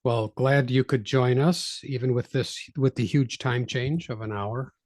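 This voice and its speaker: A man's voice: mid-range voice, fairly even intonation, measured pace, a little mellow, no room sound, clean studio sound. A man co-hosting a podcast, casual and wry with joking asides. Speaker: podcast co-host.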